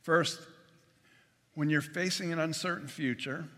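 A man's voice: a little high, fairly even intonation, unhurried, fairly bright tone, in a large hall. A man preaching a sermon as pastor, conversational and folksy, with jokes and everyday comparisons.

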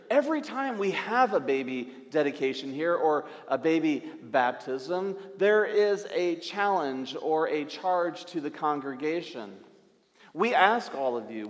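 Higher-voiced pastor preaching emphatically. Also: male voice. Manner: emphatic, repeats phrases in lists. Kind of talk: sermon. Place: church sanctuary. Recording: long church-hall reverb.

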